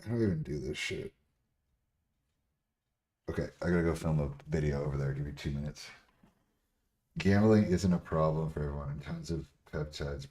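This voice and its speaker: Pria bersuara sangat rendah, bicara kasar. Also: male voice, rumbling low, a little mellow. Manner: profane, blunt, laughs often. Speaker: streamer answering chat questions. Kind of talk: casual livestream chat.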